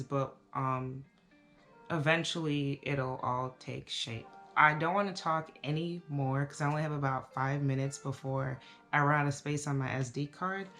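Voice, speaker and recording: A woman in her thirties giving a casual, reflective life update to camera, talking slowly with many fillers. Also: sits low. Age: 30s. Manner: relaxed, reflective, with frequent fillers. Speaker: vlogger.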